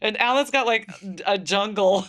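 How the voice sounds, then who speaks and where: A woman hosting a podcast, telling an animated story full of acted-out quotes and frequent laughter. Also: medium pitch, moderate pace. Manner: acts out quoted voices, laughs often. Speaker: podcast host.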